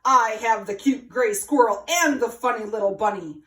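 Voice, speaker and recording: A woman's voice: a little high, moderate pace, fairly bright tone, recorded from a distance, close to an everyday voice. A woman voicing a greedy male fox in a storybook, muttering and growling his lines, recorded in a roomy space away from the mic. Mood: gloating. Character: big red fox, male, greedy, gruff. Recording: roomy, from afar.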